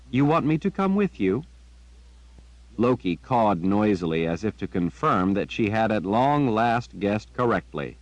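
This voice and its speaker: A man reading a fantasy novel aloud as a narrator, with measured, unhurried storytelling. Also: sits low, no room sound, low-quality recording. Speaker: audiobook narrator. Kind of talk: scripted narration.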